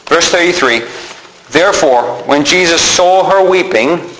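Speaking a little slowly in a high, fairly bright voice, a man preaches a sermon. He reads from scripture and voices the mourners' words, and the room sounds echoey with a little noise.

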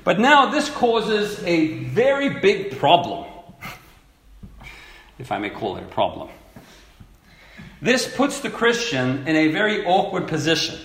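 A man preaching a sermon in a slow, teaching manner, repeating phrases for emphasis. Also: sits high, huge pitch swings, a bit bright, roomy sound.

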